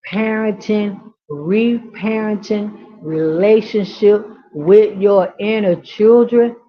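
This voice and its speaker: A woman's voice: lowish voice, muffled recording. A woman giving an impassioned teaching monologue as a speaker on inner child healing, with repetitive, preacher-like build-ups and casual, colloquial grammar.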